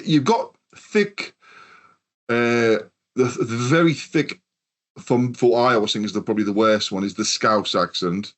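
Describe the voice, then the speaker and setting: A man's voice: mid-range voice, unhurried. A man from the UK hosting a casual podcast chat, telling stories in a rambling way and swearing often. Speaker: podcast host.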